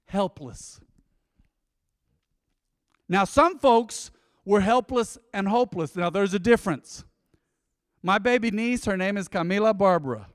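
In church before his congregation, a pastor preaches in a conversational, playful way, dropping in asides. His high voice is animated, his pace measured with frequent pauses, and the sound is clean studio quality with a dry feel.

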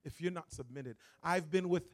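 A man's voice: a little high, normal speed, fairly bright tone. A young man of Haitian background in his twenties, preaching a sermon as a guest pastor with emphatic, repetitive phrasing. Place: church.

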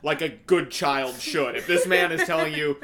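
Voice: mid-range voice, moderate pace, bright, forceful tone. A podcast co-host casually recapping an episode, laughing often, swearing and acting out the characters' lines. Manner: laughing, swears freely, acts out quotes.

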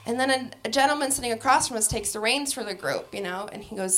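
A woman's voice: fairly high pitch, fairly quick, few pauses, a bit bright. A young adult woman performing a stand-up comedy set, brash and profane, often laughing through her lines.

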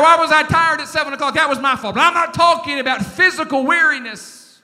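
A middle-aged male pastor preaching a sermon in a church, animated and calling on the congregation to respond. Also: extremely high pitch, fairly quick, few pauses. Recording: long hall reverb.

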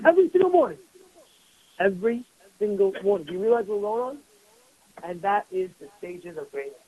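A man's voice: high voice, narrow, tinny audio. A man, a rabbi, giving a Torah class sermon, emphatic and repetitive, firing rhetorical questions at his students. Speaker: rabbi teaching a weekly class.

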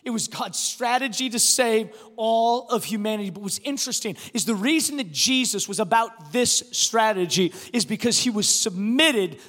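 A pastor preaching a sermon, telling a family story with lots of restarts and animated delivery. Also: male voice, high-pitched, moderate pace, few pauses. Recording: long hall reverb.

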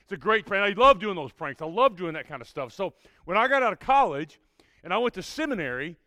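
Man, preacher, youth group storytelling, energetic, high voice, dry close sound. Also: brisk, dry recording. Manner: energetic, tags lines with "all right?".

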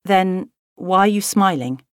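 A woman's voice: mid-range voice, unhurried, dry recording, clean studio sound, voice pushed up, close to an everyday voice. A woman voicing an anxious, flustered young woman, the heroine of an audiobook.

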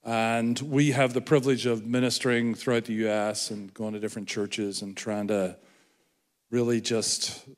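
An Irish man preaches to a congregation in a loose, joking, self-deprecating way. His voice sits at an ordinary male pitch and carries a long reverb from the large church hall. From Ireland. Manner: self-deprecating, jokey, chatty. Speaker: guest preacher. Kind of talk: sermon.

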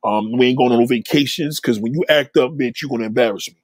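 A man's voice: medium pitch, fast, no echo. A man talking in a blunt, profane casual rant, often repeating himself.

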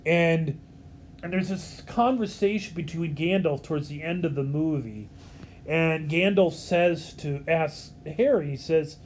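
Higher-voiced man rambling through a movie review. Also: measured pace, darkish tone, slight background noise. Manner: rambling, frequent restarts and self-corrections. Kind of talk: casual faith-based movie commentary.

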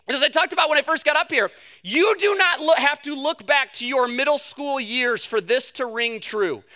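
High, bright-voiced young-sounding male preacher. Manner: animated and joking, with playful asides. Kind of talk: conversational sermon. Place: church service before a congregation.

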